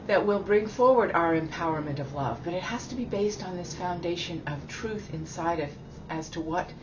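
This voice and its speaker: A woman's voice: sits low, noisy background. A woman giving a spiritual teaching talk in a chatty, self-deprecating way, laughing often. It sounds like a dull lo-fi recording.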